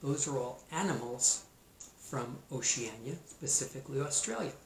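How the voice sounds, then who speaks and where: A man, a teacher, reading a storybook aloud in a playful, expressive way and adding his own comments on the story. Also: mid-range voice, moderate pace, creaky, a little hiss or hum. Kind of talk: storybook read-aloud with asides. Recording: roomy echo.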